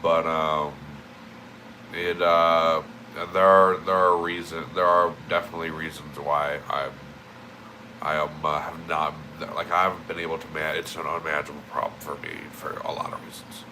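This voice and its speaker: A man's voice: very deep voice, level tone, moderate pace, background noise. A young man livestreaming, just woken up, rambling and swearing with emphatic repeated words. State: just woke up. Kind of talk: casual streaming rant.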